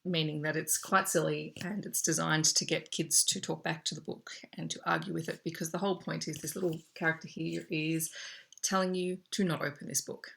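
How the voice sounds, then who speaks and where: A woman's voice: deep voice, fairly even intonation, brisk, vocal fry, a bit bright, husky. A young Australian woman and teacher talking through a book haul in a chatty, enthusiastic way. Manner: chatty, enthusiastic, shows pages to camera. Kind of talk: casual book haul chat.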